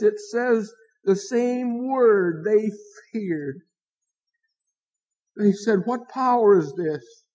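A man preaching an evening sermon as pastor, earnest, with rising emphasis and dramatic pauses. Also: sits high, dark tone, muffled recording.

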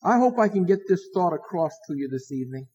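Pastor, male, high-pitched, earnest preaching with dramatic pauses, dull lo-fi recording. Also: sing-song, dark tone, husky. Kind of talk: evening sermon.

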